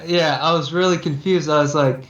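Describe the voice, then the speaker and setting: A man's voice: on the high side, fairly even intonation, moderate pace, fairly bright tone. Man on an echoey, dull-sounding mic. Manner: casual, laughs while asking questions. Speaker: podcast co-host. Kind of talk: casual podcast chat.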